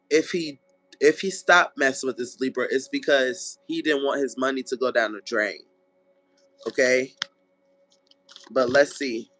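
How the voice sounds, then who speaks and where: A man giving a casual tarot reading. He talks bluntly and swears, and he acts out what people might say. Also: medium pitch. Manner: animated, acts out people's lines in quick voices; blunt and profane, checks in with "okay?". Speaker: tarot reader.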